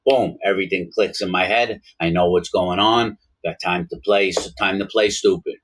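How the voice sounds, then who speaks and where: Brief: man, talking to camera, lively delivery, voices the people in his stories. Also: low-pitched, normal speed, slight background noise. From Long Island, New York. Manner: animated, acts out both sides of dialogues. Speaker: former prisoner telling stories. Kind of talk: casual storytelling to camera.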